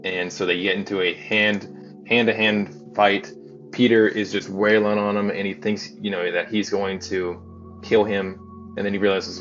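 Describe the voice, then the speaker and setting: A man with a deep, fairly flat voice gives a casual recap of a comic book story, talking loosely and leaning on fillers. His voice comes through dull and lo-fi. Music plays clearly underneath him. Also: moderate pace. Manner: loose and chatty, heavy on fillers. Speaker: channel host. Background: background music.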